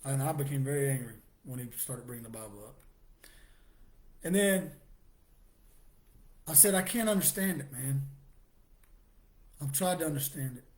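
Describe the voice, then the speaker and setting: At medium pitch, a middle-aged man gives a faltering personal testimony, restarting sentences as he goes. Soft laughter comes through now and then.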